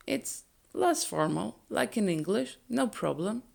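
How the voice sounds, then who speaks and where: Slow, gravelly-voiced Spanish-native woman teaching. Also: mid-range voice, animated, a little mellow. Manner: repeats each phrase slowly for the learner. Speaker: language teacher. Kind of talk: slow, clear teaching with repeated example phrases.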